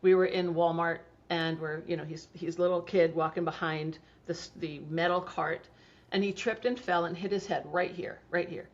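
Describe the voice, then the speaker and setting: A woman's voice: on the low side, fairly even intonation, moderate pace. Chatty woman telling stories, dull recording. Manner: chatty storytelling, laughs often, frequent fillers. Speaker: homeopathy practitioner, guest. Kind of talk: casual interview talk. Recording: dull lo-fi sound.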